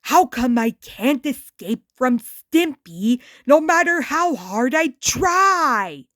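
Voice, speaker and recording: A woman's voice: sits high, sing-song, slow, fairly bright tone, no echo, clean studio sound, exaggerated voice. A woman voicing a grumpy, scrawny male cartoon chihuahua who sounds exasperated and whiny.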